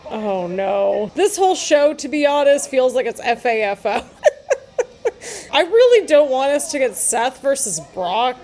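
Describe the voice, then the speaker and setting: Woman host, casual reaction commentary, high bright-pitched voice, chatty, laughs easily. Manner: chatty, animated, laughs often.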